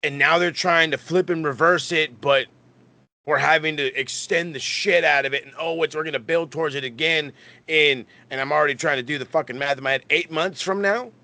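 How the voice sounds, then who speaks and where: A man's voice: fairly high pitch, fairly even intonation, fairly quick, sharp tone, dry recording. Profane, rambling podcast guy. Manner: rambling, profane, stammering restarts. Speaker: podcast co-host. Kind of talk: casual wrestling chat.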